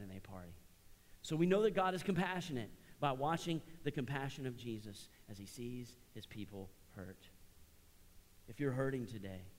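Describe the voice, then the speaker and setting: A middle-aged man preaches from a church platform in an easy, conversational way. He lifts his voice for emphasis and then drops to a near hush. His voice trails off into the long reverb of a large sanctuary. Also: medium pitch, slight background noise. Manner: conversational preaching, swinging between raised emphasis and soft, hushed passages. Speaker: pastor. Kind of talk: sermon.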